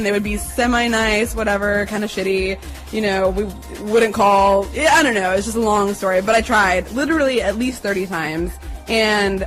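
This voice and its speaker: A young woman in her twenties telling a personal story in a casual, chatty way, full of fillers, acted-out quotes and swearing. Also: mid-range voice.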